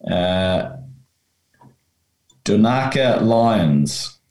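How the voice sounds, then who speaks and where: A man co-hosting a podcast in casual chat, measured and checking himself out loud. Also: lowish voice, lively intonation, echoey room. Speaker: podcast co-host, rules expert.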